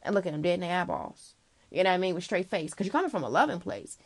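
A vlogger gives life advice in a fairly low, creaky, expressive voice, talking fast. She speaks frankly and casually right to the listener, calls them girl, swears freely, and is chatty, packing her talk with fillers like okay and you know.

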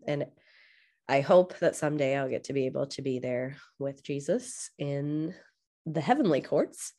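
A woman's voice: deep voice, mellow. A young woman co-hosting a podcast in casual chat, wry and easygoing, often laughing. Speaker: podcast co-host.

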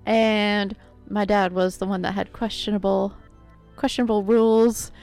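A woman's voice: medium pitch, level tone, a little slow, a little mellow, faint music behind. A woman in her thirties co-hosting a podcast, chatty and playful. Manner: laughs often, chatty and playful. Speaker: podcast co-host. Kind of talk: casual chat.

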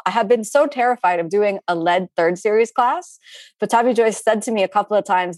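A middle-aged woman yoga teacher answering student questions in a chatty, animated way, with playful asides during a live online class. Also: mid-range voice, brisk, no echo, studio quality.

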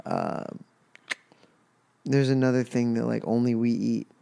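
A man's voice: mid-range voice, fairly even intonation, unhurried, creaky, mellow. Rambling guy saying dude a lot. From Texas. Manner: loose and rambling, says "dude" often. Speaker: podcast host. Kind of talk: casual chat.

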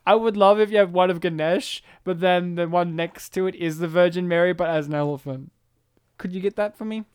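A man's voice: high voice, fairly quick, smooth. A man co-hosting a podcast, teasing his friends and riffing on jokes in casual chat. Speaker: podcast co-host.

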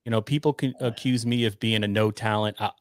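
A man's voice: on the low side, fairly even intonation, fairly quick, no echo, studio quality. A man co-hosting a casual podcast chat, sarcastic and self-mocking as he needles his friend. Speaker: podcast co-host.

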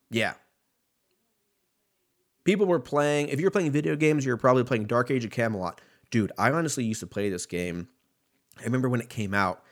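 A man in his thirties hosting a casual solo podcast, rambling and swearing freely as he riffs. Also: mid-range voice. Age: 30s. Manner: rambling, profane, laid-back riffing. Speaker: podcast host.

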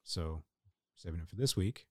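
A man in casual chat who steers the talk to the next topic, often trailing off quietly. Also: sits low, normal speed, dry recording, studio quality.

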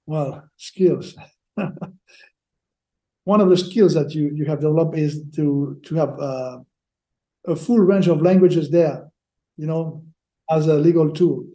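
The recording carries a roomy echo as a high-voiced, dark-toned man, a sports lawyer appearing as a guest, responds to podcast interview questions. He speaks haltingly, repeating words while he hunts for the right phrasing.

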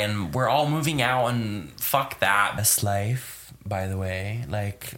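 A young man co-hosting a casual podcast, talking in a vocal fry and swearing freely while distracted by his phone. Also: lowish voice, slow, hardly any pauses, pushed and bright. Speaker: podcast co-host. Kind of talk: casual chat.

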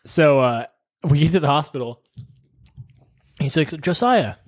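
A man's voice: on the high side, lively intonation. A young man who works as a firefighter paramedic, telling profane work stories in casual talk, laughing often and quoting people. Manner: laughing, profane, quotes people in quick dialogue. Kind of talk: casual podcast storytelling.

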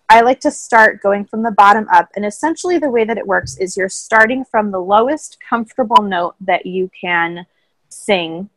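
Woman guest, calm explainer, middle pitch, dry close mic. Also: dry recording, low-quality recording. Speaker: voice coach guest. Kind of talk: casual interview chat. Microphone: own microphone, remote call.

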